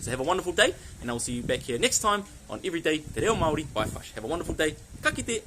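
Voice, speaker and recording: Fast-talking New Zealand man teaching. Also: high voice, a bit bright, rough recording. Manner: chatty, repeats phrases slowly for learners. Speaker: language teacher and host. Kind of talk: casual video lesson.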